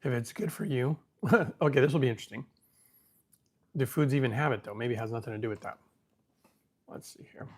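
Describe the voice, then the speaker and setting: A man answering viewer questions on a casual livestream speaks a little fast, with long pauses and a darkish, medium-pitched voice. He thinks aloud as he reads from the screen, at ease and self-assured.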